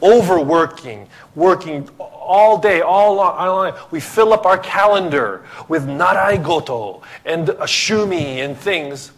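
A man's voice: on the high side, slow pace, few pauses. A man from the Philippines, preaching a sermon as pastor, emphatic and full of rhetorical questions.

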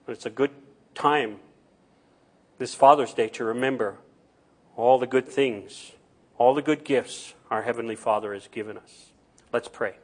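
A man preaching a sermon as pastor, swinging between loud emphatic calls and soft, intimate passages. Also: mid-range voice, a little slow, pauses often.

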